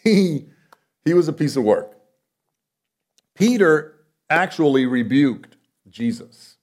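A male preacher giving a sermon in a conversational way, with rhetorical questions, moving between loud emphatic lines and soft low asides. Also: very animated, takes it slowly.

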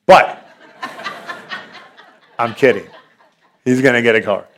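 A man's voice: medium pitch, takes it slowly, a bit bright. A man, preaching a sermon as a pastor in an earnest, conversational, storytelling manner.

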